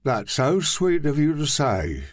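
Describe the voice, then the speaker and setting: A man voicing a gentle, dreary helper who speaks in a flat monotone. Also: on the high side, takes it slowly, no room sound, studio quality, pitched above the performer's own voice.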